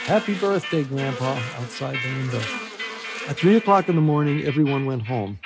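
An older man reads a children's story aloud with lively, animated storytelling. His pitch moves freely through each line. Soft music plays behind him. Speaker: author reading his book. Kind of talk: children's book reading.

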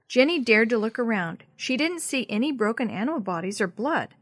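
Expressive woman storyteller reading to children. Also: mid-range voice, fairly quick, hardly any pauses, no room sound, clean studio sound. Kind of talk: read-aloud storytelling for children.

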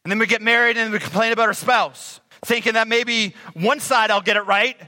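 A man preaching a sermon as pastor, animated and acting out grumbling voices. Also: sits high, fairly quick. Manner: animated, acts out complaining voices. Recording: reverberant hall.

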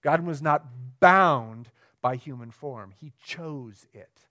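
A pastor preaching a sermon, swinging between emphatic, raised lines and quiet, low ones, often checking in with the congregation. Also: male voice, slow pace. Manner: asks the room questions, conversational.

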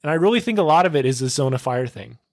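An upbeat young man talks casually on his solo podcast. His voice sits at a middle pitch and is recorded dry, with no room sound. He is eager and chatty, with lots of filler words. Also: very fast, dry recording. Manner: excitable, upbeat, full of filler words and "dude". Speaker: podcast host.

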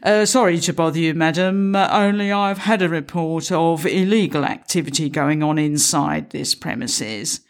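A woman's voice: deep voice, normal speed, hardly any pauses. A woman voicing a nervous young male police officer who stammers and apologizes. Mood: sheepish.

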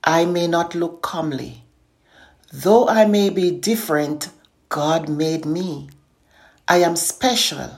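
A middle-aged woman slowly reciting a devotional poem, earnest and consoling. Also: fairly low pitch. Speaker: poet and inspirational speaker.

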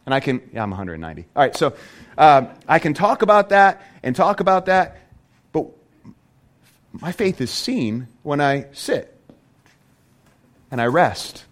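Animated, lively male preacher. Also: on the high side, unhurried, pauses often. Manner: animated preaching with rhetorical questions. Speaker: pastor. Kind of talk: sermon.

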